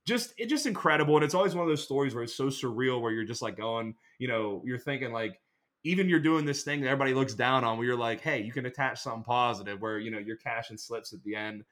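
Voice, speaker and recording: A man in casual podcast chat, telling a rambling, animated story. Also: mid-range voice, quick pace.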